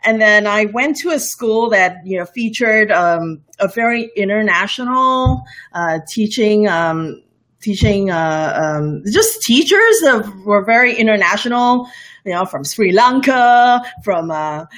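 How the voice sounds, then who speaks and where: A woman's voice: mid-range voice, lively intonation, measured pace, a bit bright. A woman in her thirties from Borneo, with a light Bornean lilt blended with mixed international English, chatting as a guest in a casual interview, full of fillers, restarts and giggles. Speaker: livestream cooking show host, guest.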